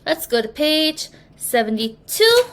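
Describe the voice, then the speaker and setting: A woman English teacher giving a recorded reading lesson, explaining slowly and patiently to young students. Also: high voice, very animated, a little hiss or hum. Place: language academy.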